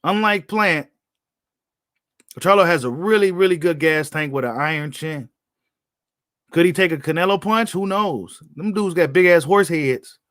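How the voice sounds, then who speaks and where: A man's voice: fairly high pitch, moderate pace, long pauses, fairly bright tone, dry recording, clean studio sound. A man hosting a casual live stream about boxing, talking in a blunt, slangy way and often repeating his points. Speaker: boxing commentator host.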